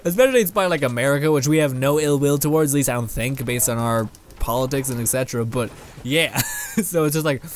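A young man from Canada, a gaming YouTuber with a mid-range voice, talks fast in casual let's play commentary while faint music plays behind. He laughs his way through a rambling commentary as he plays a video game and occasionally swears at it.

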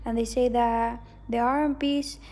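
A woman's voice: a little high, fairly even intonation, a little slow, darkish tone. A woman giving a casual psychic tarot reading, rambling and hedging as she repeats herself. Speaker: tarot reader.

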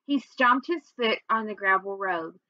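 A woman's voice: mid-range voice, expressive, measured pace, no room sound, muffled recording. A woman teacher reading chapters of a novel aloud to her students, summing up first with many fillers before reading on steadily. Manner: recaps with many fillers, then reads steadily.

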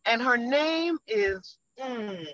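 A woman with a bright, ringing voice tells an emotional church testimony over a remote call. She speaks from a car on the highway, animated and laughing often as the story spills out. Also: extremely slow, no echo, poor audio. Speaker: church member giving a testimony.

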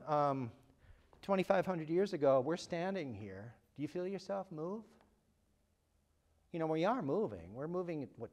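A man giving a talk at a parent workshop, asking the audience questions and joking with them. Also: mid-range voice. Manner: animated, asks the audience questions, jokes. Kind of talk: lively talk to a live audience. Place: room with a live audience.

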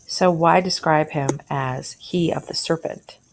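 Low, gravelly-voiced woman teaching. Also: measured pace, a little hiss or hum. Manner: conversational, thinking aloud with questions. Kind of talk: literature lesson, annotating a story aloud.

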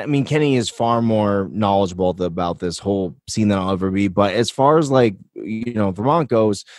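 A man's voice: fairly low pitch, darkish tone, no echo, studio quality. A man co-hosting a podcast, rambling in loose, profane casual chat and laughing often. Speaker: podcast co-host.

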